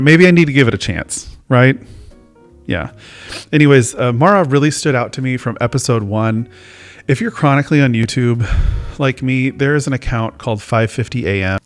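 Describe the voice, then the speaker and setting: A man hosting his own casual talk show, rambling and joking at his own expense. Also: medium pitch. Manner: rambling, self-mocking, chatty. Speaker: host. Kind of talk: casual chat.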